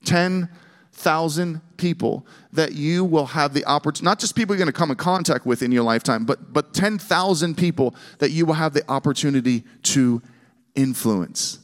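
A middle-aged man preaching and telling a story, animated, with frequent restarts and a voice that jumps higher when excited. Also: moderate pace. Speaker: guest speaker. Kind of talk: sermon storytelling. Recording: long hall reverb.

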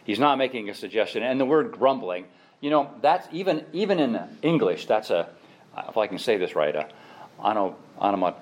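A man's voice: mid-range voice, very animated, brisk. A middle-aged man, a pastor, preaching a sermon with emphatic exhortation and self-deprecating asides.

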